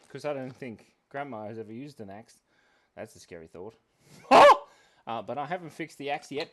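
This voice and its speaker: His voice is fairly high and a bit bright as he runs a live drawing stream for children. He keeps up playful, rambling, self-deprecating banter in a casual livestream style.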